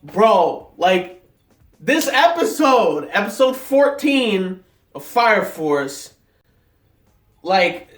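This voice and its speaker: A young man excitedly rambling through an episode reaction, full of fillers and restarts. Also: sits high, drawn-out words, pauses often. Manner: rambling, filler-heavy talk, many restarts; excited, hyped. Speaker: anime reviewer. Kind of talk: casual episode reaction vlog. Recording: echoey room, mic set at a distance.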